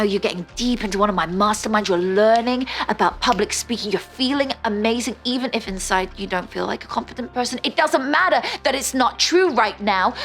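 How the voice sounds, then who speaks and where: A woman giving public-speaking tips straight to camera, emphatic and coaching, swinging from soft near-whispers to loud upbeat bursts. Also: high-pitched. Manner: emphatic, coaching, addresses viewer directly. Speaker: motivational speaker. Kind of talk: direct-to-camera coaching talk.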